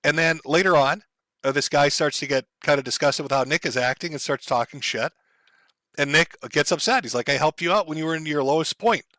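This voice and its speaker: Bright-voiced male commentary host. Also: a little high, brisk, no room sound, clean studio sound. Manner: calm, explanatory, addresses chat. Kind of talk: live commentary.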